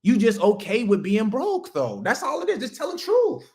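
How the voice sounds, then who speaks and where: A man, hosting a livestream and delivering a loud, preachy motivational rant that jumps high when he hammers a point. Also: huge pitch swings, normal speed. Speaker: livestream host.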